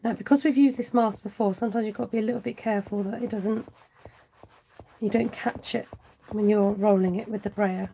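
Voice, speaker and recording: A woman's voice: mid-range voice, fairly even intonation, brisk, warm tone, slight background noise. A woman hosting a live cardmaking stream. She chats with viewers as she works and makes self-mocking asides. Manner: chatty, reads out viewer comments and answers them; talks aloud while working, with self-mocking asides. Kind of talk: casual live craft demonstration.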